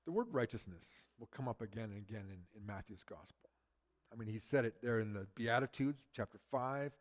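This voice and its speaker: A middle-aged man preaching a sermon, who swings from loud emphasis to a hushed near-whisper. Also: fairly low pitch, a little fast. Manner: acts out quoted people in lively voices. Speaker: pastor.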